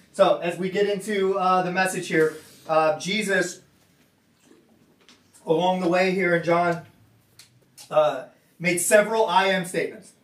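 Man, high voice, earnest sermon, echoey room, mic far off. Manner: earnest, repeats words, many restarts. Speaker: pastor. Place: church gathering room.

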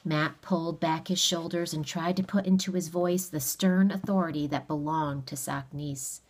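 A woman reading a novel aloud in a steady, measured storytelling manner. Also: low-pitched. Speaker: audiobook reader. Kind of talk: read-aloud narration of a novel.

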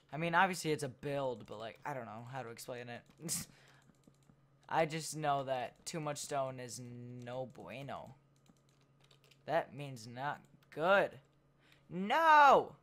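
Slow, rambling gameplay host. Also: mid-range voice. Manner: rambling, thinks out loud, trails off mid-sentence. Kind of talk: casual commentary while building in a game.

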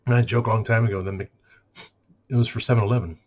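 A man's voice: medium pitch, fairly even intonation, fast, darkish tone, highs cut off. A man who works in a store, ranting casually and sarcastically about customers and mimicking them in mock voices. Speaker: store clerk venting. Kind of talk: casual rant.

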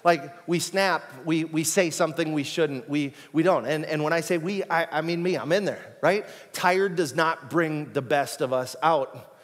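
A man's voice: fairly high pitch, moderate pace. A male pastor preaching a sermon in a casual, joking, conversational way, in a church. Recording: long reverb in a church hall.

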